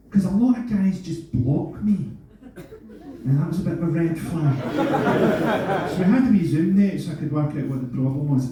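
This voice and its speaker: Sardonic Scottish man in an echoey theatre. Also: a little high. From Scotland. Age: 50s. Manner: sardonic, deadpan delivery with sudden shouted punchlines. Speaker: stand-up comedian. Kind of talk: stand-up comedy set. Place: large theatre stage before a laughing crowd. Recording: echoey distant theatre audio with audience noise.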